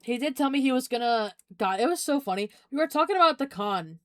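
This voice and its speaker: A woman's voice: high-pitched, animated, fast, no echo. Giggly young woman streamer, dry close sound. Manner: rambling, giggly, repeats herself. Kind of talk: casual chat.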